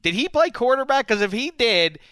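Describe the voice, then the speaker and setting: Animated, teasing man in casual chat. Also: very high voice, brisk, clean tone, no room sound, studio quality.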